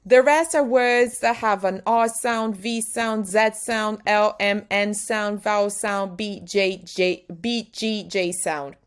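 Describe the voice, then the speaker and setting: A young Brazilian woman with a British-style English accent, teaching pronunciation and saying each practice word slowly and emphatically. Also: mid-range voice, steady tone, smooth. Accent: Brazilian, speaking British-style English. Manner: drills words slowly and emphatically, exaggerated articulation. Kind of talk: pronunciation lesson.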